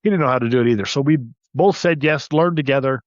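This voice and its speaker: A man's voice: mid-range voice, quick pace, no echo, lo-fi sound. A man guest on an interview show, casually telling stories about his side businesses. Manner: storytelling, animated anecdotes. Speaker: podcast guest, side hustle coach.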